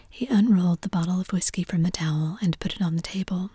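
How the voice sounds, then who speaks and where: A woman's voice: fairly low pitch, fast talker, slightly rough, dry recording, clean studio sound. Woman in a whispered role-play reading. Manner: soft, even whispered reading. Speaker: reader.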